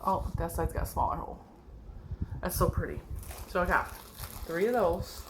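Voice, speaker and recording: A middle-aged woman with a nasal, stuffed-up voice excitedly showing off her yarn haul in a casual video, gushing and laughing often. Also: lowish voice, normal speed, noisy background. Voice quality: nasal from a cold. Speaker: yarn and crochet vlogger. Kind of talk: excited casual show-and-tell.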